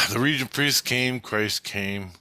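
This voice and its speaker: A man's voice: medium pitch, slow pace, bright, forceful tone, clean tone, no echo. A man rambling through a personal story in the first person, swearing freely and often restarting his sentences. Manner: profane, restless, with frequent restarts and self-corrections. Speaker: vlogger recounting personal spiritual experiences.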